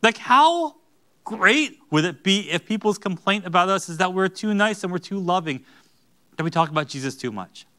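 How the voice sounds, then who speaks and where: A man preaching a sermon as pastor, animated, with joking asides and acted-out quotes. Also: sits high, a little fast. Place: church sanctuary.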